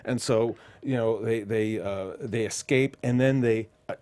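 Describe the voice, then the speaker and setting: A middle-aged man, a film composer, being interviewed and telling animated anecdotes, acting out quoted voices with lots of fillers. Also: lowish voice, a little slow. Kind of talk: interview, casual storytelling.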